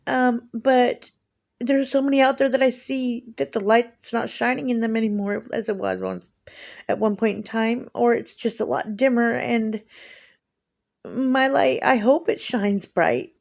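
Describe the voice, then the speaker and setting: A woman's voice: fairly high pitch, steady tone, measured pace, vocal fry, a little mellow. A woman in her forties rambling emotionally through a casual vlog monologue. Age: 40s.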